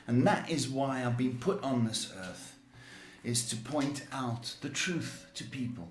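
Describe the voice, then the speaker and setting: A man's voice: mid-range voice, unhurried, reverberant, slight background noise. A man hosting a live psychic tarot advice show. He gives blunt, emphatic guidance and often repeats or restarts his words.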